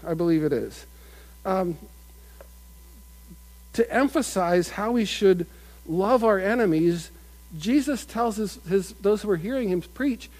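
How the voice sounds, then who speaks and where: A man's voice: high voice, a little mellow, low-quality recording. A man preaching a conversational sermon, often repeating and restarting his phrases. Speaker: pastor.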